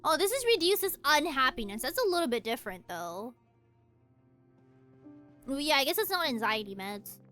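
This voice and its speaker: A young woman streaming a game from home, telling rambling stories in a casual, animated way. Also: high voice, normal speed, pauses often, faint music behind. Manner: animated rambling storytelling with frequent laughs. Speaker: VTuber streamer. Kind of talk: casual chat while playing a game.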